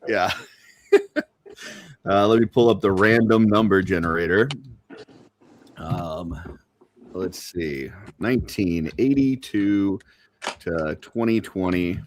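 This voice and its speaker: Low-voiced laughing podcast host. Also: male voice, slow, long pauses, slight background noise. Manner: rambling joke-teller, laughs loudly. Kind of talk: casual podcast chat.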